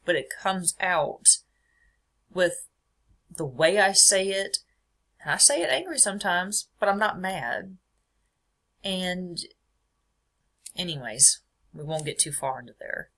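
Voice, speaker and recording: A young woman talks through her own podcast in a friendly, chatty way, reading from notes and laughing often. Her voice sits a little low for a woman. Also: lively intonation, takes it slowly, pauses often, fairly bright tone. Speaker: podcast host. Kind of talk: casual faith podcast, read from notes.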